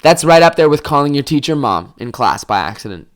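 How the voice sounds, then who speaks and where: A man's voice: on the high side, sing-song, fairly quick. A man in his twenties telling rambling anecdotes on a podcast, swearing freely and full of fillers. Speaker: podcast host. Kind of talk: casual storytelling.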